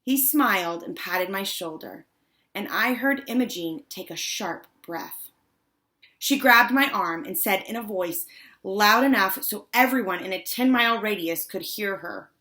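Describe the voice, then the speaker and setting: Woman narrator, audiobook, wry deadpan delivery, unhurried, bright tone. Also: mid-range voice. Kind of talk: scripted first-person audiobook narration.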